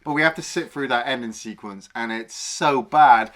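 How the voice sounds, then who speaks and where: A man's voice: a little high, normal speed, a bit bright. A man co-hosting a film review podcast, ranting with heavy swearing in casual chat. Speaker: podcast co-host.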